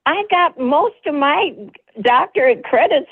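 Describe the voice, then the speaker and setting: Lively preacherly woman on a tinny line. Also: high voice, unhurried. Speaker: host. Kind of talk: spiritual group call, call-and-response. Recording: tinny phone-line audio.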